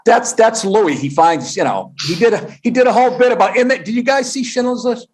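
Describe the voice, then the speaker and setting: A middle-aged comedian telling stories on a podcast, animated and profane, acting out the people he quotes. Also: high-pitched, fairly quick. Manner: animated storyteller, swears, acts out quotes. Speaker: guest comedian. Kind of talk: casual podcast chat.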